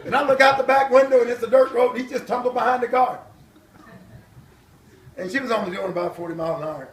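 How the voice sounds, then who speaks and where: Animated high-voiced older man in echoey hall. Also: fast, long pauses, far from the mic, slight background noise. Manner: animated storyteller, acting out voices and shouts. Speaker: guest speaker. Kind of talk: storytelling testimony at a church event. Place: church hall.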